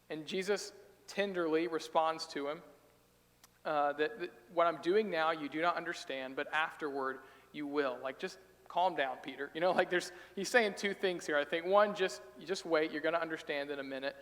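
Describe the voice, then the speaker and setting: A man's voice: a little high, moderate pace, fairly bright tone, in a large hall. A man preaching a sermon in a casual, storytelling way, acting out quoted voices as he retells the passage. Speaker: pastor. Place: church sanctuary.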